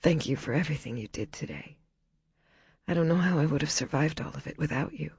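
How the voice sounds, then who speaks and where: A woman voicing a grieving, guarded young woman who talks in a halting, self-conscious way. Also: low-pitched, expressive, a little mellow, slightly rough, no echo, studio quality, full character voice.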